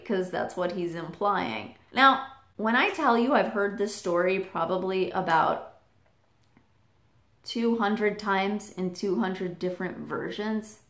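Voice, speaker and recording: A woman from England, a vlogger telling a childhood story in an animated way, leaping up high when she quotes her child self. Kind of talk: personal storytelling. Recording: roomy echo.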